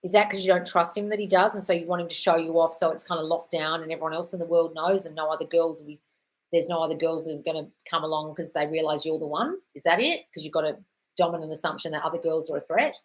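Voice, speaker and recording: A woman's voice: low-pitched, fairly even intonation, fast talker, poor audio. A woman hosting a live question-and-answer stream, reading out viewer comments and answering them with effusive praise and frank, sometimes sweary advice, calling everyone darling. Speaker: manifestation coach host.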